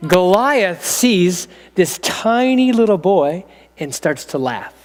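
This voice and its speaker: A male pastor tells a story to children in a playful, engaging way. His voice sits high for a man. The sound carries a long reverb from the church hall. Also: sing-song, slow pace. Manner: playful, draws in listeners and helpers.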